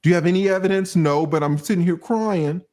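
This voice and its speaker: Man, livestream legal breakdown, casual, profane, animated, slightly high voice. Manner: animated, profane, acts out judges in quick asides. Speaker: livestream host, lawyer.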